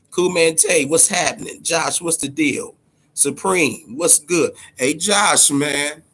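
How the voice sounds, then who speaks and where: A man's voice: high voice, fairly bright tone. A man hosting a casual boxing livestream, talking loosely and profanely and greeting viewers in the chat by name. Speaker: boxing podcast host.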